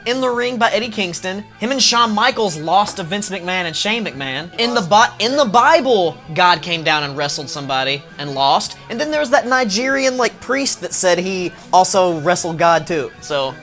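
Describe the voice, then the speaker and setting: A man hosting a casual wrestling recap, profane and animated, laughing often and mimicking wrestlers in quick bursts. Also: sits high, soft background music. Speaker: wrestling review host.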